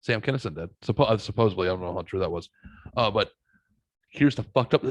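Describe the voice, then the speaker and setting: A man's voice: fairly low pitch, fast talker, dry recording. A man hosting a podcast, telling stories in casual chat and swearing freely. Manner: animated storytelling, swears freely. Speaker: podcast host.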